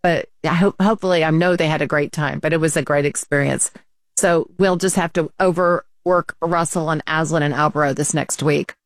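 A woman co-hosting a casual talk show, telling a story with animated quotes and laughs. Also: sits low, moderate pace, dry recording, clean studio sound.

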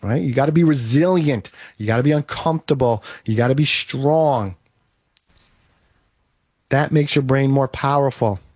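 A man's voice: medium pitch, normal speed, a little mellow, no echo, studio quality. A man giving an emphatic, repetitive motivational monologue, coaching the listener.

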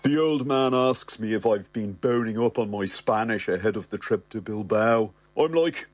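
A man's voice: mid-range voice, moderate pace, few pauses, dry recording. A young man reading a comic story aloud in the first person, cocky and sardonic, full of wisecracks. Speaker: narrator.

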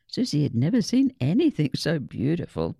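A woman reading a children's picture book aloud, slow and expressive. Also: low voice, gravelly, husky, dry recording, clean studio sound. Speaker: storyteller.

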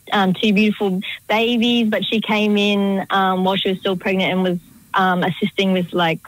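A woman's voice: mid-range voice, dry recording, rough recording. A young woman, a choreographer chatting in a radio interview, rambling and full of "like" fillers. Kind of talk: casual interview chat.

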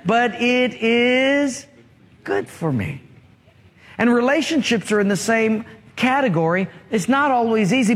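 A man preaching a sermon as pastor, telling stories with humor and acting out the voices in them. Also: sits high. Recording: reverberant hall.

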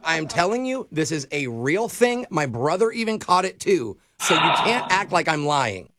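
A hammy, dramatic caller who swears he has caught a French flu, as a man puts it on, his mock French accent rolling out in a high voice. The pitch leaps around constantly. He plays it wounded and earnest, milking every line. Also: big pitch swings, moderate pace, heavy background noise. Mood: pleading. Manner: theatrical, playful, goes in and out of the accent. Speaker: radio prank caller.

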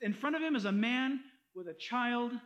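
A male pastor preaches with lively emphasis and quick humor, reading scripture aloud between his points. His voice sits very high for a man. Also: highs cut off. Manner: animated, emphatic, joking, quotes scripture. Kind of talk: sermon.

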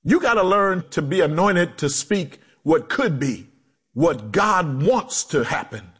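A male pastor preaching a sermon, animated, acting out quotes in low voices and joking with the congregation. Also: slow pace, slightly rough. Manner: animated preaching with swooping pitch and dramatic drops.

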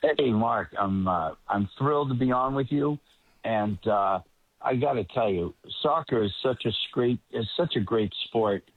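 A man's voice: mid-range voice, measured pace, dry recording. Man with a faint Boston accent, phone-like. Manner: hesitant, reflective, filler-heavy. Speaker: regular guest commentator. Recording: tinny phone-like line.

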